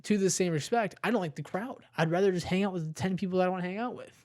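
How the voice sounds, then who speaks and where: Higher-voiced young man asking questions. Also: quick pace, a little mellow. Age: young adult. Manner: probing, asks follow-up questions. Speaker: podcast co-host. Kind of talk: casual chat.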